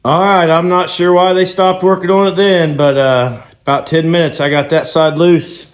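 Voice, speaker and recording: A man's voice: on the high side, steady tone, moderate pace, faint music behind. A man hosting a car restoration vlog, chatting casually and folksy while he works and hands out plain advice. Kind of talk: casual chat and work narration.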